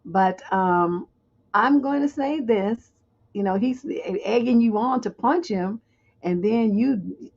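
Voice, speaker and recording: Speaking slowly in a slightly high voice with a darkish tone, this relationship advice host reads out her viewers' questions and answers them frankly, bluntly, and with humor. The recording is dull.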